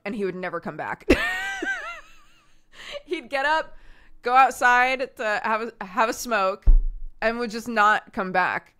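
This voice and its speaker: A woman streamer telling family stories in casual chat, animated and laughing often. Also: on the high side, a little slow.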